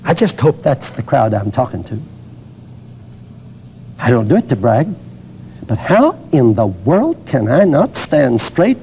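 An older man preaching a teaching sermon on healing, emphatic and exuberant, dropping to a hush and then rising to loud exclamations. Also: on the high side, big pitch swings, slow pace, pauses often, a little hiss or hum.

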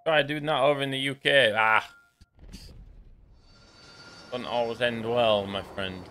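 A man's voice: mid-range voice, steady tone, measured pace, bright, forceful tone, soft background music. A young man chatting casually and rambling with jokey asides while live-streaming a shooter game.

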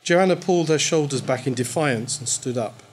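A man reading his own short story aloud at a live event, in a measured storytelling manner. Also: mid-range voice.

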